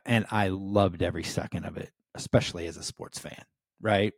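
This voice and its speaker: Earnest low-voiced American man hosting. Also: steady tone, normal speed, a little mellow, dry recording, studio quality. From United States. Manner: earnest, frequent "um" and "right?", building emphasis. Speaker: podcast host. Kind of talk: reflective solo podcast talk.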